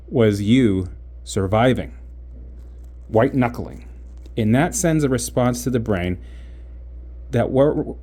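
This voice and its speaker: A man coaching viewers through exposure practice in a casual vlog, acting out an anxious walk and then explaining it in an animated way. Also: medium pitch. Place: out and about, then in a car.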